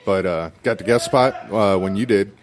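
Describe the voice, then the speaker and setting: A man's voice: lowish voice, moderate pace. A male comedian from Cleveland chatting in a casual podcast interview, dry and offhand.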